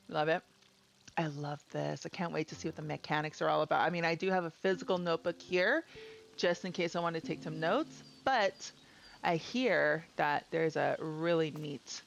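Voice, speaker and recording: A woman hosting a let's-play, chatty and expressive, swearing casually as she comments on the game. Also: deep voice, moderate pace, gravelly, soft background music, low-quality recording. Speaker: gaming channel host.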